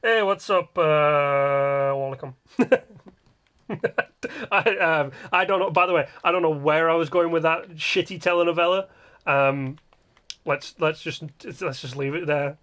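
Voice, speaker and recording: A man's voice: fairly high pitch, fairly even intonation, measured pace, fairly bright tone. A man casually commenting while building in a game livestream, joking and grumbling in a rambling way. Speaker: game streamer.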